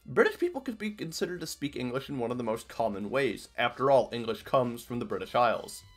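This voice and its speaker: A man from Iowa, narrating an educational video in a casual, joking way. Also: medium pitch. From Iowa, US Midwest. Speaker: video essay host. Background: faint background music.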